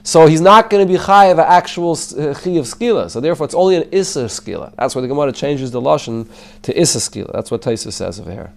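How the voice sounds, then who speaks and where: Male rabbi teaching a Talmud class, slightly raised pitch, translates and explains line by line. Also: expressive, fast, creaky. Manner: explains in English mixed with Hebrew and Yiddish terms; translates the Aramaic text line by line.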